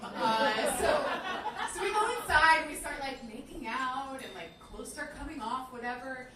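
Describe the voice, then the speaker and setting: A woman's voice: high voice, lively intonation, normal speed. A woman in her twenties doing stand-up storytelling, chatty and self-deprecating, full of fillers. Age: 20s. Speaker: stand-up comedian. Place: comedy club stage. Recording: echoey club from a distance with noise.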